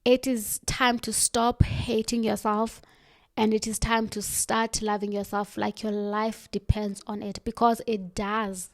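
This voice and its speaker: A woman giving a motivational self-help talk, earnest and direct, slowing down for firm emphasis. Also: medium pitch, level tone, dry recording, clean studio sound.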